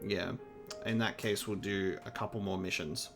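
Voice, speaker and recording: A man's voice: fairly low pitch, steady tone, normal speed, music in the background. A man with an Australian accent chatting casually while streaming a co-op game, laid-back and rambling with fillers. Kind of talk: casual co-op gaming chat.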